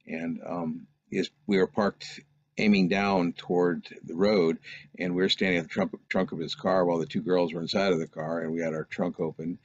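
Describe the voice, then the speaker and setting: A man's voice: low-pitched, level tone, moderate pace, a little hiss or hum. A man telling a personal anecdote in a casual, rambling, meandering way. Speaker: storyteller recounting a personal experience. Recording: dull lo-fi recording.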